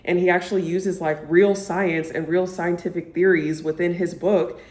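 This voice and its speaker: A woman's voice: on the low side, level tone, moderate pace, darkish tone. A young woman vlogger chatting casually about books she loves, gushing and peppering her talk with "like". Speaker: book vlogger. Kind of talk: casual chat to camera. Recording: echoey room.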